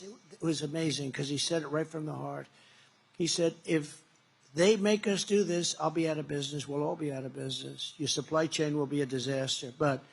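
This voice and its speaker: A man's voice: fairly high pitch, creaky, breathy edge. A man in his seventies giving a campaign rally speech at a factory, repetitive and boastful, retelling conversations in a conversational way. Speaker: political candidate.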